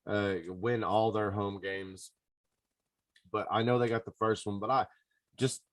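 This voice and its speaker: Low-voiced man, dry sound. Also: a little slow, no room sound. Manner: excitable, talks to listeners directly. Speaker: podcast host. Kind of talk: casual sports betting talk.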